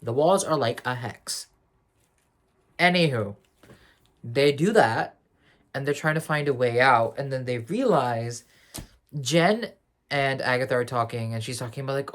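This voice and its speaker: Unhurried and prone to long pauses, this medium-pitched reviewer rambles through a casual spoiler review of a television finale. Slang is everywhere, and sentences often get corrected and restarted midway.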